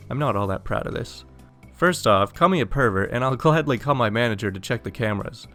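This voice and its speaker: A man's voice: medium pitch, animated, brisk, fairly bright tone, soft background music. A young man narrating an online story aloud in a casual, exasperated way. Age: young adult.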